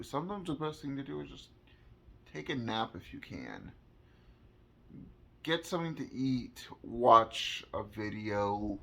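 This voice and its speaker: Slow, halting man explaining earnestly. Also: medium pitch, fairly bright tone. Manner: slow, halting, repeats words while searching for phrasing; earnest, speaks from own experience. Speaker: vlogger. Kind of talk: personal explainer monologue.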